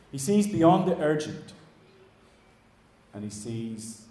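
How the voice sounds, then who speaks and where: A man preaching a sermon in a church, animated, acting out the voices he quotes and dropping to a hush at the ends of phrases. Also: medium pitch, measured pace, slight background noise. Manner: animated, acts out quoted voices, trails off quietly. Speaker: pastor. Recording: echoey church room.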